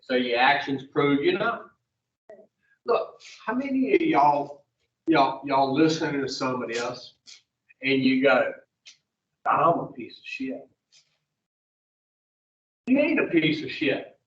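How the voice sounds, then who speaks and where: A man's voice: mid-range voice, very animated, unhurried, slight background noise. A man leading an addiction recovery group, blunt and profane, firing questions at his listeners. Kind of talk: blunt group teaching session. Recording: dull echoey room, mic far off.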